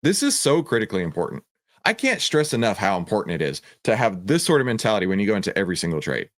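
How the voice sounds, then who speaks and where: A man's voice: lowish voice, very animated, fast talker, dry recording, studio quality. A middle-aged man hosting a trading lesson, talking through a stock chart in an emphatic, preachy way with rhetorical questions and repeated phrases. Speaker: trading educator and host. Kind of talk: energetic stock-chart walkthrough.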